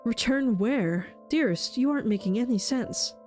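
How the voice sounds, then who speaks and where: A woman voicing a grieving male ghost, a gentle husband who pleads tenderly with his wife. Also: on the high side, expressive, moderate pace, faint music behind, pitched above the performer's own voice, lightly acted. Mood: bewildered.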